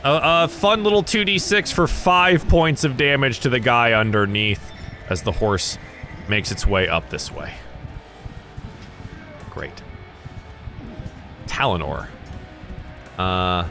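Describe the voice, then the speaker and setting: Slow, bright-voiced game master man. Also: mid-range voice, soft background music. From US South. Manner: thinking aloud, slow and halting with fillers. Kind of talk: narrating a tabletop game.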